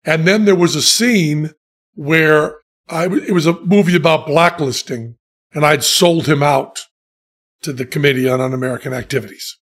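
A man telling funny stories in casual chat, deadpan and self-mocking, laughing at his own jokes. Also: on the high side, moderate pace. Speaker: podcast guest telling stories.

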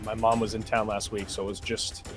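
A man's voice: lowish voice, little pitch movement, fairly quick. A man co-hosting a trivia show who reads each question aloud and throws in dry, teasing remarks. Faint music sits behind him. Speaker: co-host reading questions. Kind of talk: game show question reading.

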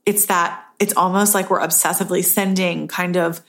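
A woman hosts a casual solo podcast, speaking earnestly about self-love in a flat, slightly bright voice at normal speed. Her tone is self-help, she often ends points with "right?", and she acts out inner voices in a higher pitch.

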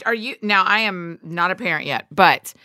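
Bright-toned woman, teasing and chatty. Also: on the low side, normal speed, no echo, clean studio sound. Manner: teasing, frequent short agreements. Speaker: podcast co-host. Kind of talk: casual chat.

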